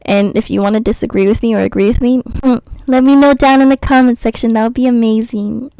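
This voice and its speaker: A woman's voice: fairly high pitch, fairly even intonation, fairly quick, dark tone, dry recording, rough recording. A woman vlogger giving a blunt, sarcastic rant and mocking her commenters. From United States. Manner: blunt and sarcastic, mocks commenters in sing-song voices. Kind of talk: ranting commentary.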